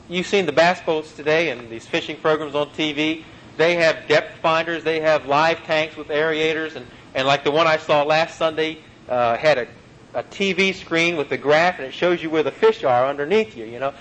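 A man preaching with a fairly high voice, pressing hard on his key phrases and letting them sink slow and low. He weaves folksy personal stories into the sermon, and a faint hum of noise sits underneath. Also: a bit bright, poor audio. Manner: emphatic, slows and drops low on key phrases, folksy anecdotes.

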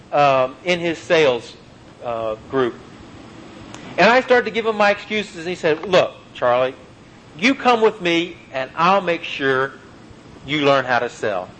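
A man preaching a sermon, slowing down and dropping low on key phrases and mixing in homely stories. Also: fairly bright tone, slight background noise, low-quality recording. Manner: emphatic, slows and drops low on key phrases, folksy anecdotes.

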